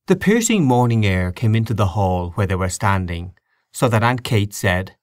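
Expressive male audiobook narrator. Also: fairly low pitch, normal speed, no room sound, clean studio sound. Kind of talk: scripted narration.

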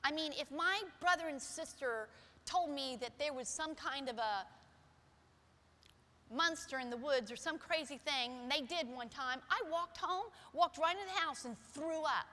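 A middle-aged woman pastor preaching a sermon with personal stories in a church, shifting from soft, quiet passages to loud, emphatic ones. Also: high voice, normal speed. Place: church sanctuary. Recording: long hall reverb.

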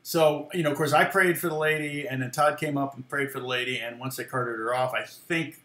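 A man's voice: mid-range voice, steady tone, a little fast, fairly bright tone. Chatty man telling a story, echoey room. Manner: rambling, laughs often, acts out quoted lines. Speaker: guitar teacher and former worship leader. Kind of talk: casual storytelling.

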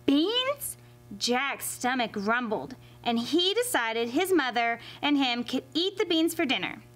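A woman reading a fairy tale aloud to children as a library storyteller, expressive and animated. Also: sits high, unhurried. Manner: expressive and animated, addressing kids.

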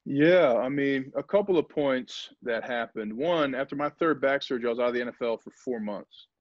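A former pro football player speaking energetically and emphatically in a motivational talk over a video call. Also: male voice, mid-range voice, normal speed, no echo. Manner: energetic, emphatic, acts out quotes. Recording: dull lo-fi video call audio.

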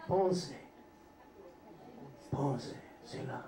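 A man's voice: mid-range voice, very slow. Joking man preaching in a roomy hall. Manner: joking, conversational, asks the audience questions. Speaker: rabbi, teacher. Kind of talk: sermon teaching.

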